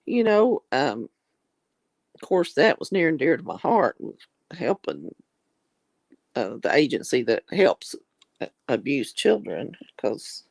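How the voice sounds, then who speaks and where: Southern woman from east tennessee, slow easy drawl, gravelly, sweet-talking her live chat. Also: very deep voice, big pitch swings, a little mellow, no room sound. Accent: Southern US drawl, East Tennessee mountains. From East Tennessee, American South. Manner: folksy, affectionate, calls viewers darling and honey. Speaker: livestream host reading viewer comments. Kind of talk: casual livestream chat.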